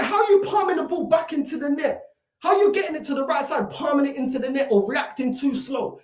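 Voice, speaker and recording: Woman, high voice, angry football fan rant, exasperated and repetitive, echoey room, mic set back. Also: expressive, fairly quick. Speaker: football fan reacting after a match.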